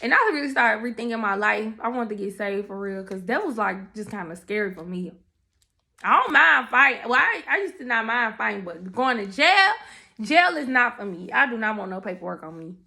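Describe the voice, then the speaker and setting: A young woman tells her story in a lively, chatty way, addressing her viewers directly. Her voice is bright and forceful and sits a little high. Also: fairly quick, creaky. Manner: animated, talks straight to her viewers. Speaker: testimony speaker. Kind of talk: casual storytelling to camera.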